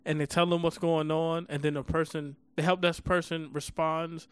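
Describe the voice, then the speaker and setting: A man with a slightly high voice tells a casual story to his co-host. He laughs easily and talks playfully. The sound is dry and close. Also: level tone, normal speed, clean tone, no echo. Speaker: podcast co-host. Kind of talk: casual chat.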